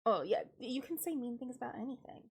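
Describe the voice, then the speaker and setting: A woman's voice: a little high, expressive, a little fast, husky. A woman from the United States chatting casually on a live stream, ranting wryly and laughing often, congested from a cold.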